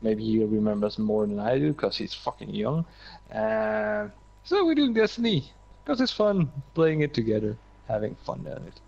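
A man with a Dutch accent, chatting casually while streaming a game, excitable and prone to stammered restarts. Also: medium pitch, moderate pace, creaky. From Netherlands. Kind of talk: casual gaming chat. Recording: dull lo-fi mic, faint noise.

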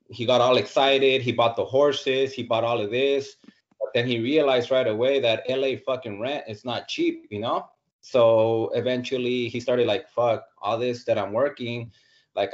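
A man with a lowish voice tells his own story in a relaxed, candid way. He swears freely and slips in Spanish phrases. The audio is muffled and lo-fi. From United States. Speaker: podcast guest, business founder. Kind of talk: casual storytelling.

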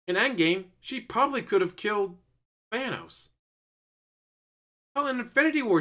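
A man recapping and reviewing a movie in a casual, animated way, swearing now and then and acting out bits of scenes. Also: fairly high pitch. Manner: animated, acts out scenes in quick mock voices.

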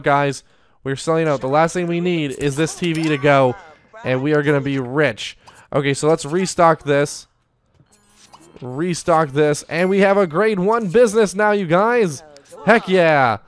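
A man's voice: fairly high pitch, moderate pace. A young man giving casual, upbeat Let's Play commentary as he plays, often talking to his viewers directly. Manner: chatty, upbeat, talks to viewers as "you guys". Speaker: gaming YouTuber.

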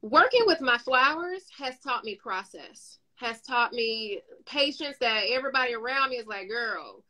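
Bright, lively woman giving advice. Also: on the high side, normal speed, few pauses, rough recording. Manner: animated storyteller, acts out dialogue, gives advice. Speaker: guest speaker. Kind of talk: casual motivational chat.

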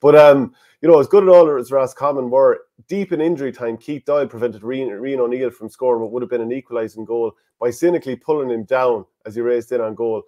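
A man's voice: medium pitch, fairly quick, few pauses, mellow. Opinionated Irish man hosting sports chat. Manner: opinionated, reads listener comments aloud. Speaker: podcast co-host.

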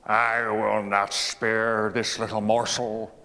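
A man voicing a proud, scornful male lion from a storybook with a mocking, booming manner, in an echoey hall. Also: flat delivery, slow, bright, forceful tone, heavily acted. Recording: echoey hall with faint ambient noise.

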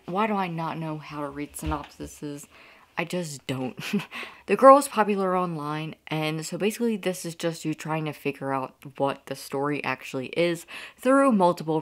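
A low-voiced woman from Pennsylvania hosts a casual book haul vlog. She gushes with excitement and breaks into laughter often. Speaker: book vlogger.

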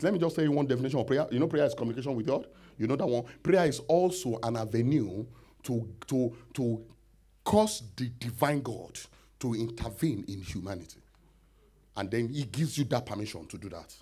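A man preaching a sermon as pastor, swinging between loud shouts and low near-whispers, acting out pleading prayers. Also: expressive, brisk, husky. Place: church hall.

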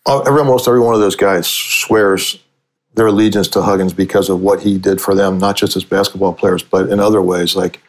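Low-voiced older sportswriter telling stories. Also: male voice, fairly even intonation, fairly quick, low-quality recording. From Cincinnati, USA. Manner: rambling storyteller with frequent restarts. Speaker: sportswriter and author. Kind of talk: conversational storytelling interview.

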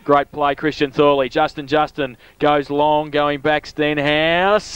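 Excitable Australian man calling football, smooth voice. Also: slow pace. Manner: rises sharply in pitch when goals are kicked, laughs often. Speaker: play-by-play commentator. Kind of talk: local radio football commentary. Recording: dull lo-fi broadcast sound.

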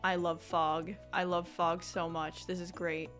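A young adult woman giving casual, rambling gameplay commentary, breaking into excited exclamations. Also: fairly low pitch, a little slow, soft background music. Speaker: gaming channel host.

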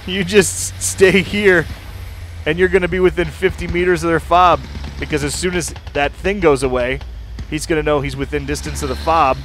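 A man's voice: a little high, steady tone, normal speed. Chatty streamer man over gunfire. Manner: chatty, laughs often while explaining the game. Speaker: livestreamer. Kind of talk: live gameplay commentary. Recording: loud game noise with gunfire behind. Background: game sounds, vehicles and gunshots.

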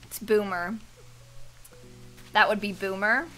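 A woman's voice: mid-range voice, steady tone, takes it slowly, a bit bright. A young woman streaming a game, chatting casually and thanking viewers by name. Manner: chatty, reads chat names and thanks viewers. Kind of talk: casual live-stream chat. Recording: music playing under the voice.

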